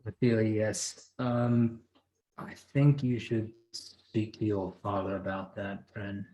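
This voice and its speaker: A man's voice: lowish voice, little pitch movement, slow pace, warm tone, roomy sound, rough recording. A man voicing a loyal, reserved male family servant who speaks politely and formally.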